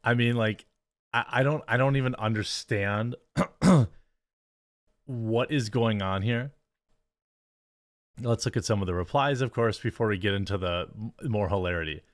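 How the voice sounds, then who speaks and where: A man's voice: on the low side, moderate pace, long pauses, no echo, studio quality. A man hosting a reaction commentary, mocking and sarcastic as he talks over a clip. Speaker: commentary host.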